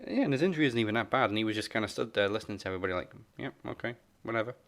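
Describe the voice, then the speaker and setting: A man co-hosting a wrestling podcast in casual chat, laid-back and quick to laugh. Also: on the low side, animated, a bit bright.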